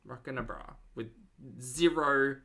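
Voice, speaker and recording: A woman's voice: extremely low pitch, unhurried, vocal fry, fairly bright tone. A woman giving mocking reaction commentary and wry asides to her chat.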